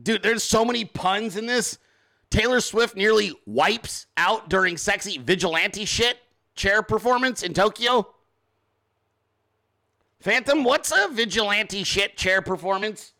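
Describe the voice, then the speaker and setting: A man's voice: high-pitched, a little slow, gravelly, pushed and bright. A man hosting a show, talking in a casual, rambling, profane and joking way, including informal sponsor reads. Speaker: show host. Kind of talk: casual live-stream commentary.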